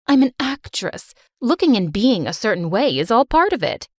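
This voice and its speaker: A woman's voice: a little high, sing-song, normal speed, no echo, clean studio sound. A woman voicing a vain, theatrical mother who was once an actress, talking in a dramatic, self-absorbed way.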